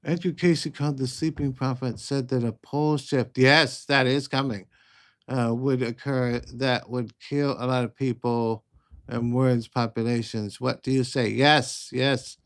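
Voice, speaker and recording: A man's voice: mid-range voice, steady tone, unhurried. A man hosting a casual livestream, answering viewer questions in a chatty, rambling way. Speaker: psychic livestream host.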